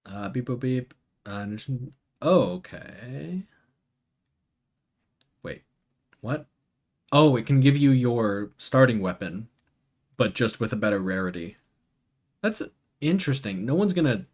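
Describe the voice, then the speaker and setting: A man's voice: fairly low pitch, animated, moderate pace, pauses often. A man streaming live and chatting casually, full of fillers and self-corrections, answering viewers by name as he goes. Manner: rambling, full of "like" and restarts. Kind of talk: casual livestream commentary.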